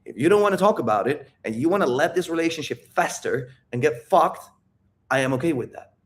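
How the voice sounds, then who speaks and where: A man's voice: a little high, animated, brisk. A man coaching on relationships, emphatic and blunt, cursing freely and checking in with his listeners as he acts out scenes. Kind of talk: coaching monologue with role-play.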